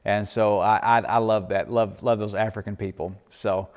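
In a hall with long, echoing reverb, a missionary speaker with a lowish, darkish voice talks at a moderate pace with fairly even intonation. He shares folksy stories and fields questions at a church Q&A, laughing frequently and starting sentences over.

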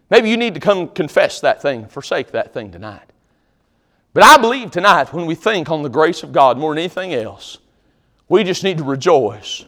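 Male preacher, high and animated voice, loud scripture recitation, folksy congregational asides. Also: moderate pace. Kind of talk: sermon with altar call. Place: church sanctuary.

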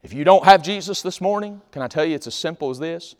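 A male pastor preaching a sermon in a church, swinging from loud shouts to quiet pleading. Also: on the high side, quick pace, long reverb tail. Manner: impassioned Southern preaching with sudden loud shouts. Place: church sanctuary.

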